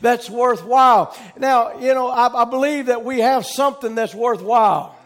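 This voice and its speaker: High-voiced Southern preacher, emphatic and shouting. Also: male voice, moderate pace. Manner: emphatic, repetitive, calls out amen, rises to shouting. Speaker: pastor. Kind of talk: preaching a sermon.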